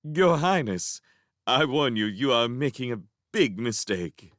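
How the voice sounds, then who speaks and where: A man voicing a fierce, quick-tempered woman who shouts warnings. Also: medium pitch, sing-song, dry recording, studio quality.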